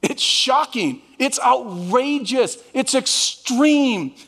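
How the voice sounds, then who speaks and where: A man's voice: very high voice, animated, drawn-out words, fairly bright tone, slightly rough, in a large hall. A man preaching a sermon as pastor, drawing the congregation into call and response. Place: church sanctuary.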